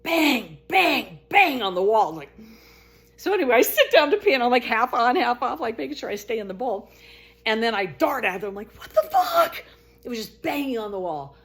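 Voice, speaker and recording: A middle-aged woman casually telling her own story, animated, jumping to high exclaimed quotes and dropping to low murmurs, laughing as she goes. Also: quick pace.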